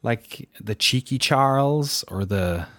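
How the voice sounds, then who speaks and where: A man's voice: mid-range voice, expressive, slow pace, a bit bright, dry recording, studio quality. A man with an Irish accent co-hosting a podcast, answering listener questions in a rambling, self-correcting way. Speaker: podcast co-host. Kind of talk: casual chat.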